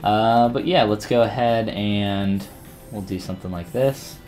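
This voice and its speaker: A man casually chatting with viewers while he demonstrates 3D sculpting in a live-stream tutorial, relaxed and rambling with frequent restarts. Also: lowish voice, measured pace, faint music behind.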